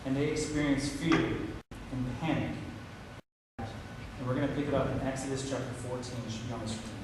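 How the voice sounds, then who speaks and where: A man preaching a sermon, telling a story and voicing quoted lines with a higher pitch. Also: level tone, normal speed. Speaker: pastor. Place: church sanctuary. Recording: echoey hall from far off with noise.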